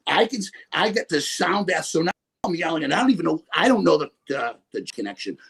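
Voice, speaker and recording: A man with a raspy voice telling a story as a guest on a casual podcast, laughing often. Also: fairly high pitch, sing-song, fast talker, a bit bright.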